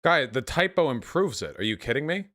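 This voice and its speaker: A man's voice: a little high, big pitch swings, a little fast, a bit bright. A man casually reacting to clips on a stream, offhand and sarcastic, full of "dude" and "like.". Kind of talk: casual commentary.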